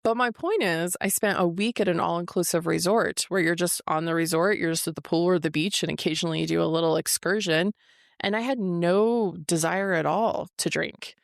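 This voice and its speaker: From an office, a woman in her 40s hosts a candid solo podcast, talking briskly in a fairly low voice with vocal fry. She's frank and confessional and swears freely, in a dry, studio-quality recording.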